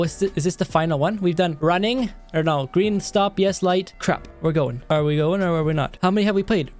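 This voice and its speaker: A man doing let's play game commentary, excitable, swinging from panicked yelling to mumbling to himself. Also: fairly high pitch. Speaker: gaming video creator.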